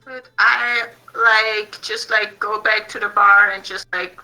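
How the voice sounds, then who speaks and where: A woman's voice: mid-range voice, flat delivery, slow pace, bright, forceful tone, faint music behind, low-quality recording. A woman playing a tabletop game, talking casually and rambling with lots of "like". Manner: rambling, heavy on "like". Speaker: player.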